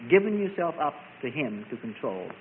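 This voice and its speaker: A man's voice: mid-range voice, very animated, normal speed, slight background noise. A man preaching a sermon, driving his points home by repeating and contrasting phrases. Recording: tinny phone-like sermon recording.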